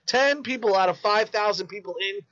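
A man who makes independent films, telling stories in casual podcast chat, animated and full of swearing. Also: high-pitched, fairly quick, dull audio. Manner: profane, animated storytelling. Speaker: independent filmmaker.

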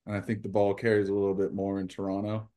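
A man, a professional baseball pitcher, talking casually as an interview guest in a rambling, animated way with lots of fillers. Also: quick pace.

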